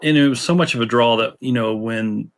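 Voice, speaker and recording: A man's voice: medium pitch, fairly quick. A man with a Southern US twang, co-hosting a podcast in casual, folksy storytelling chat. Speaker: podcast co-host.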